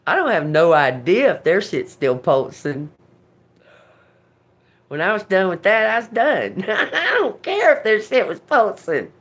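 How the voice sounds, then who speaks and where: A woman hosting a tarot livestream, telling a story in a casual, animated way, swearing freely and laughing often. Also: medium pitch, measured pace. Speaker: tarot reader livestream host.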